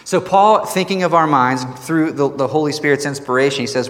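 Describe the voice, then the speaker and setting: A man preaching a sermon as pastor, animated and emphatic, with rhetorical questions to the congregation. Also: on the high side, brisk. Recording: long hall reverb.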